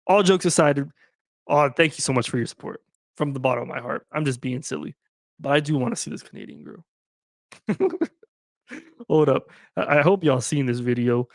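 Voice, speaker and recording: Speaking at a moderate pace with frequent pauses, a mid-range male voice hosts a one-man sports podcast. He's loose and jokey, full of slang, and chats directly with whoever's listening. The sound is dry and studio quality.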